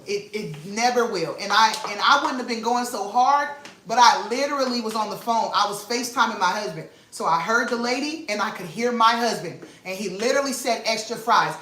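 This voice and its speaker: A woman vlog host, telling an animated, emphatic story to her viewers and repeating lines for effect, at home in her kitchen. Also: on the high side. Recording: roomy echo with faint noise.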